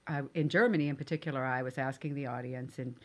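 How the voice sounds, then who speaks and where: Actress guest, female, low voice, anecdotal and chatty. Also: quick pace. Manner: anecdotal, laughing often. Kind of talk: storytelling interview.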